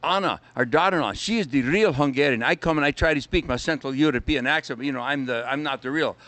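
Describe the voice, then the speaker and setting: A man's voice: mid-range voice, fast, fairly bright tone. An older man, a winery owner, chatting as a radio guest and telling stories, with a jokey sung bit. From Minnesota. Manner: chatty storyteller, sings a jokey song. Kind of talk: casual radio interview chat.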